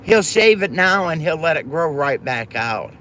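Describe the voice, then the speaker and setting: A woman's voice: low-pitched, very animated, moderate pace, a bit bright, a little hiss or hum. A woman hosting a livestream, chatting affectionately with viewers by name and pet names. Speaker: livestream host. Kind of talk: casual chat with viewers.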